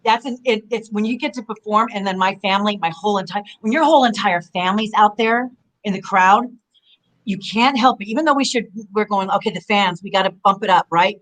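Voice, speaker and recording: Middle-aged woman, ex-wrestler guest, chatty and rambling, mid-pitched, video-call interview. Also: brisk, rough recording. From Southern California. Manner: rambling, animated storyteller. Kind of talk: casual interview chat.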